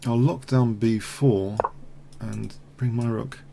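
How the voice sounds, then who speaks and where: A man thinking aloud in a halting way as he commentates his own online chess game. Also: medium pitch, steady tone, creaky, background noise. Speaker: chess streamer.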